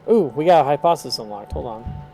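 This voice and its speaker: A man's voice: fairly high pitch, lively intonation, quick pace, warm tone, faint music behind, poor audio. A man streaming a mystery game live, thinking aloud and reading its text. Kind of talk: casual live game commentary.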